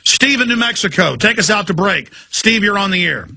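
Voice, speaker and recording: Gravelly, ranting talk radio host man. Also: sits high, animated, brisk, pushed and bright, no echo. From Texas. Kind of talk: fiery talk radio monologue. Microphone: studio mic.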